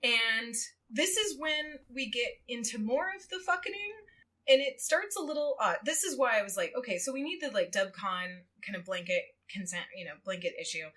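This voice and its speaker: A woman chatting casually on a podcast, retelling a story with lively acted quotes and frequent laughter. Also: a little high, moderate pace. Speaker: guest co-host. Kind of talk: casual podcast chat, recapping a book.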